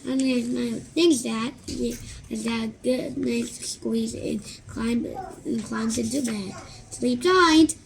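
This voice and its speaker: A woman reading a children's book aloud, halting often and repeating words as she goes. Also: a little high, fairly even intonation, vocal fry, noisy background. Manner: halting, many restarts and repeats. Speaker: reader.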